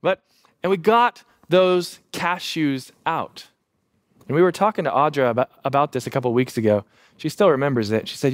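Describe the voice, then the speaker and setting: A man in his thirties, a pastor preaching a sermon and telling a lively family story with self-deprecating humor. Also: a little high, unhurried, long pauses, no echo.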